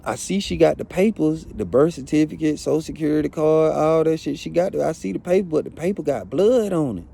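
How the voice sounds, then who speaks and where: A man's voice: on the high side, lively intonation, a little fast, gravelly, hardly any pauses, warm tone, husky. A man telling a first-hand story in blunt, profane, casual talk, often asking "you know what I'm saying". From Atlanta.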